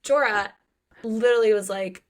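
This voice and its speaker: A woman's voice: medium pitch, normal speed. A woman co-hosting a book podcast, recapping a novel in casual chat and playfully acting out the characters' lines with a laugh in her voice.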